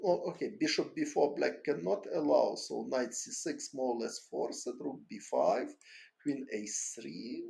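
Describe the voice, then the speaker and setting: A man analysing a chess game aloud in halting, hesitant English, as a chess teacher. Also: mid-range voice, lively intonation, gravelly, darkish tone.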